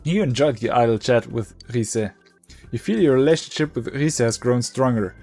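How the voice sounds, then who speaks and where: A man playing a role-playing game, reading its dialogue aloud and thinking out loud in a relaxed, halting way. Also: medium pitch, faint music behind. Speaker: let's play gamer.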